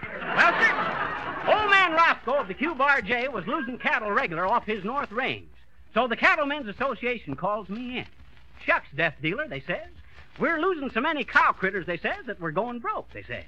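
A man's voice: very high-pitched, big pitch swings, normal speed, pushed and bright, highs cut off, heavily acted. A man playing a boastful small-town braggart in a 1940s radio comedy, folksy and blustering. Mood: bragging. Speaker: comedy lead.

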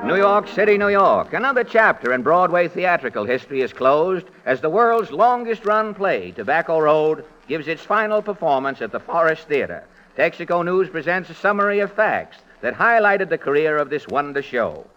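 Male comedian host, wry quick patter, lively pitch, 1940s radio comedy, lo-fi broadcast.

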